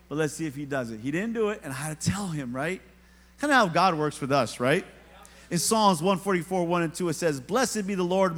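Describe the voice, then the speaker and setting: A middle-aged pastor gives a sermon in a church sanctuary, his voice a bit high and bright for a man. His preaching is casual storytelling laced with humor, and he keeps engaging the congregation while long reverb trails each phrase.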